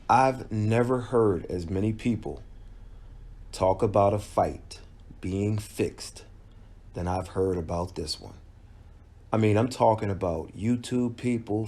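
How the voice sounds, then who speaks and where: A man with a low, dark voice talks through a boxing fight in an unhurried way. He is a casual channel host, emphatic and conversational, and often restarts mid-sentence. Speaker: boxing commentator. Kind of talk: casual video commentary.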